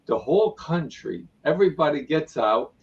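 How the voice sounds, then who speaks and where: Man telling his spiritual story as a guest, lively and acting out quotes, set back from the mic. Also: a little high, normal speed, vocal fry, far from the mic, lo-fi sound. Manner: retells events with repeated "I go" and acted-out quotes. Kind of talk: animated personal storytelling.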